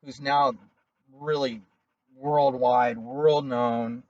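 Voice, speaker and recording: A man, an interview guest, telling casual stories in a rambling, animated way and swearing freely, recorded inside a car near a freeway. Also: medium pitch, very slow. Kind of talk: casual storytelling. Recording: dull, distant sound.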